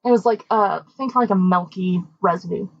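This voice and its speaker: A young woman co-hosting a podcast, telling a story casually and acting out the quoted voices with big jumps in pitch. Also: moderate pace. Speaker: podcast co-host. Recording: dull, dry lo-fi mic.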